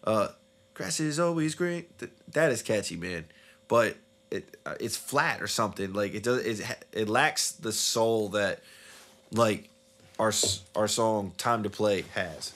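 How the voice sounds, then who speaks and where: A man's voice: fairly low pitch, a little slow, fairly bright tone. A man co-hosting a podcast, talking loosely and swearing casually as he trails off and restarts. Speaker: podcast co-host. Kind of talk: casual chat. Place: recording studio.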